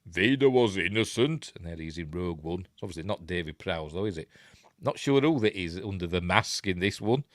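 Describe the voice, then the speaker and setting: A man's voice: low voice, animated, a little fast, dry recording, clean studio sound. An older man from Yorkshire with a Yorkshire accent, hosting a casual news livestream and reading notes, rambling into side remarks and correcting himself. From Yorkshire, England. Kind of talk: casual live-stream commentary.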